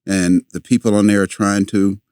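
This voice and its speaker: An older man, a podcast guest, telling a long story in a halting way with many fillers and restarts. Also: on the low side, level tone, darkish tone, smooth, dry recording, studio quality.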